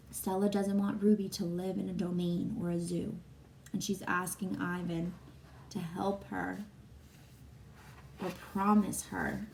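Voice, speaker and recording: A woman reading a children's novel aloud as a teacher, pausing to ask her young listeners questions and getting emotional. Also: on the low side, gravelly, a little mellow. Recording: faint room noise, slightly distant mic.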